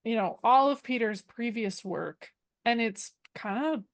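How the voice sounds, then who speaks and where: A woman's voice: on the high side, measured pace, no echo, studio quality. A woman chatting casually as a podcast guest, playful and jokey, trailing off and restarting her sentences.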